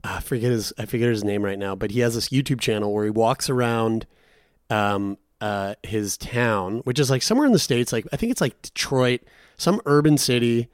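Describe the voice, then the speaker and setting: A man of middle pitch chatting casually on a podcast and wandering off into long, animated tangents. He swears freely and laughs easily. The recording is close and dry. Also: moderate pace, clean tone, dry recording. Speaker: podcast co-host. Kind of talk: casual chat.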